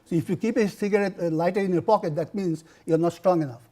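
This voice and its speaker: An older man from India giving a university lecture on health, telling personal stories in an animated way, with many restarts. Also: high voice, fast talker. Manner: animated storytelling with frequent laughs and restarts.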